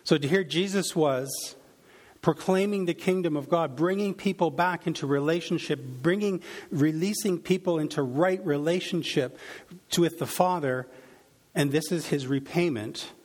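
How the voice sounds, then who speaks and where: A man's voice: fairly high pitch, normal speed, darkish tone. A man preaching, reading a Bible passage aloud and reflecting on it, with frequent fillers and restarts. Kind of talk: sermon reading and teaching from scripture.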